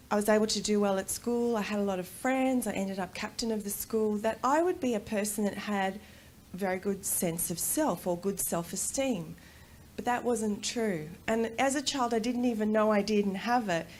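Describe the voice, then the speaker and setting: A middle-aged Australian woman giving a personal storytelling talk at a conference, animated and quick to laugh. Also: medium pitch, a little hiss or hum. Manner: animated, laughs often, acts out voices in quotes. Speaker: conference speaker. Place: conference room.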